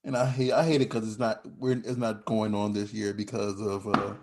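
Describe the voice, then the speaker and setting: A man's voice: lowish voice, level tone, normal speed, very noisy. Rambling, easygoing male podcast host. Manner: rambling, with frequent restarts and laughs. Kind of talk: casual chat.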